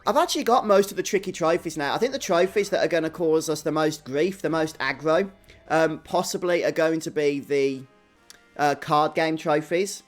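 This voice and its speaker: A man's voice: fairly high pitch, normal speed, faint music behind. Brummie-accented man streaming a game. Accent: Birmingham (Brummie). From England. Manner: chatty, reads and answers chat viewers; self-deprecating, laughs often. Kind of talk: live stream game commentary.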